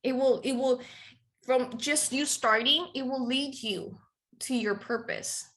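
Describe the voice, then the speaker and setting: A woman guest on a podcast, telling a personal story in a lively, chatty way and often laughing. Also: sits high, unhurried. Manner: lively, laughs often, acts out quoted dialogue. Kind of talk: casual storytelling.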